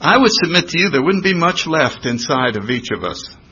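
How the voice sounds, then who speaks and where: An older man telling his recovery story in a personal talk, animated, acting out the voices of the people he describes. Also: a little high, moderate pace, slight background noise. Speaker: recovery speaker. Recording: dull lo-fi recording.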